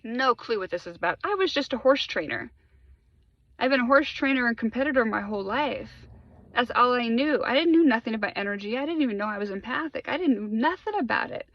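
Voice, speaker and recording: A woman's voice: a little high, no room sound. Earnest woman telling her spiritual story. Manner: earnest, emphatic storytelling with repeated words. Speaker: spiritual vlogger. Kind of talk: personal testimony. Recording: dry, slightly muffled sound.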